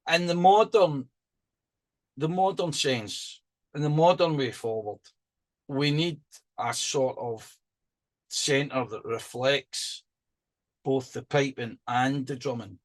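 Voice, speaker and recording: A man co-hosting a podcast, talking in a chatty, rambling way with many restarts. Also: mid-range voice. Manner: chatty and rambling, with frequent restarts and lively rising emphasis. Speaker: podcast co-host. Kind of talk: casual chat.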